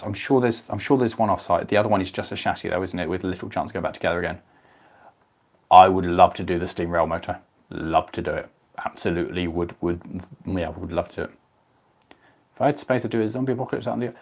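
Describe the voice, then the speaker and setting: A man's voice: fairly low pitch, darkish tone, breathy edge. A young man, chatting casually on a live stream and answering viewers' comments by name.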